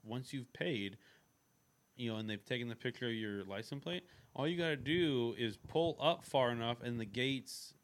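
A man's voice: mid-range voice, moderate pace. A man in casual chat who steers the conversation and explains things plainly, step by step. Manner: methodical, steers the story.

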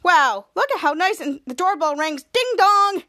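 A young woman casually recapping a TV episode as a podcast host, acting out the characters' lines with sudden loud, shrill bursts. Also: lively intonation, normal speed.

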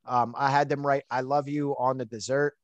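A man's voice: medium pitch, flat delivery, moderate pace, dry recording, muffled recording. A man hosting a podcast, telling a personal story in an outgoing, chatty way with plenty of fillers. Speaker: podcast host. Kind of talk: casual storytelling chat.

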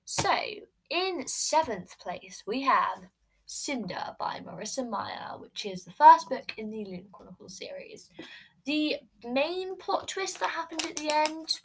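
A woman's voice: fairly high pitch, low-quality recording. A woman talks to the camera about her favorite books, gushing and rambling, full of "um"s and restarts. She records it at home while sitting on her bed. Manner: chatty, gushing, rambling with many fillers. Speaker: book vlogger. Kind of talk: casual book ranking vlog.

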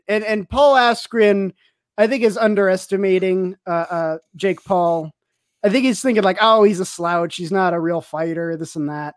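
A man's voice: high-pitched, moderate pace, no room sound, clean studio sound. A young man from El Paso co-hosting a podcast, rambling in casual chat and laughing often. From El Paso, Texas. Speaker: podcast co-host.

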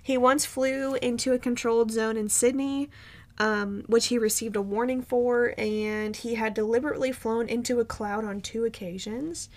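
A woman's voice: a little high, fairly even intonation, moderate pace. A woman co-hosting a podcast, telling a story in casual chat, rambling with frequent ums and restarts. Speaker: podcast co-host.

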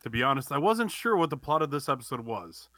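A man's voice: medium pitch, sing-song, fast talker, sharp tone, dry recording. A man co-hosting a podcast, reading a listener's email aloud with side comments. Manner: reads steadily, adding side comments. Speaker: podcast co-host.

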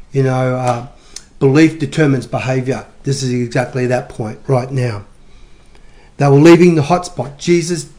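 A man preaching with real energy and a voice sitting a touch high for a man. He hammers his points home by repeating phrases. The delivery is a lively sermon rather than a calm talk. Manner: animated, emphatic preaching with repetitions.

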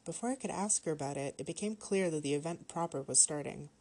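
A woman narrating a horror story aloud in a steady, even reading manner. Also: deep voice, fast.

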